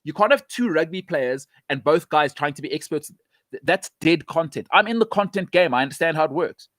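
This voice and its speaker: A South African man hosts a live stream in an emphatic, impassioned rant, repeating his points and replying to chat comments. His voice sits a little high for a man. The sound is dry and close, with no room around it. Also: lively intonation, a little fast, fairly bright tone, dry recording. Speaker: show host.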